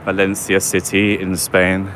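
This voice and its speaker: Deep-voiced man rambling on a walk. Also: completely flat delivery, measured pace, a bit bright, a little hiss or hum. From London, England. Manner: chatty and rambling, keeps asking "do you know what I mean". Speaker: livestreamer giving a walking tour. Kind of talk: casual live walking vlog. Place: outdoors in a city park by water.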